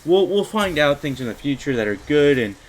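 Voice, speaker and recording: A man's voice: a little high, very animated, a little fast, a little hiss or hum, rough recording. A young man giving casual, rambling commentary over his own card-game run, full of fillers and mild frustration. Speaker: gaming YouTuber.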